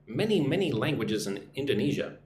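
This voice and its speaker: A man's voice: medium pitch, very animated, brisk, darkish tone, roomy sound. A man who teaches English online, chatting on a live stream, reading out viewer comments and greeting them in their own languages. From United States.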